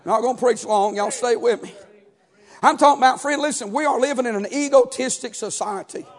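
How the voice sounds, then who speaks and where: Preaching briskly, a male pastor uses a strikingly high voice and a chanting, rhythmic cadence. He keeps dropping "amen" and "uh" between his lines.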